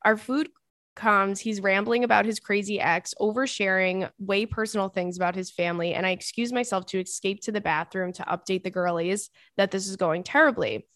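A woman podcast host reading a listener's email aloud in casual chat, expressive and dramatic with exasperated asides. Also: medium pitch, brisk, no room sound, clean studio sound.

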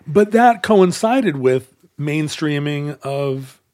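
A man's voice: on the high side, animated, takes it slowly, darkish tone. A man co-hosting a podcast, talking in a casual, wry way with many fillers and restarts. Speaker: podcast co-host. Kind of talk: casual chat.

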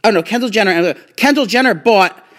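At home indoors, a tipsy, hiccuping vlog host reads celebrity facts aloud in casual chat, rambling with lots of fillers and restarts. Her voice is mid-range and a little fast.

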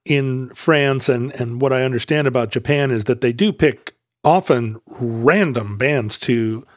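A man's voice: mid-range voice, measured pace, no room sound. Wry middle-aged man on a dry mic. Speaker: podcast co-host. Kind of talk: casual chat.

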